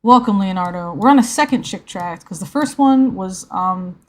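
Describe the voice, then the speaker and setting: A woman YouTube host with a medium-pitched, animated voice speaks at a normal pace in a live reaction video, commenting on a comic through sarcastic, incredulous, rambling asides.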